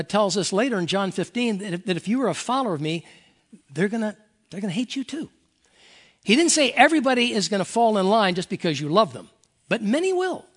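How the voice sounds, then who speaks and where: A man's voice: high voice, a bit bright. An older man, a pastor emeritus, preaching a folksy, earnest sermon and reading scripture aloud.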